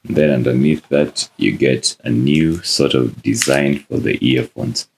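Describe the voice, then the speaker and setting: Male tech reviewer, very low and gravelly, casual unboxing talk with lots of fillers. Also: a little slow, a little hiss or hum. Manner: relaxed, many "uh" fillers.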